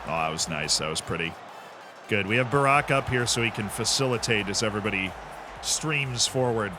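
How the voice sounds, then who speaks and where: A man's voice: fairly low pitch, lively intonation, fairly quick, noisy background. A man streaming a football management game, chatting casually, reacting to the match and answering his chat. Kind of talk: live gameplay commentary.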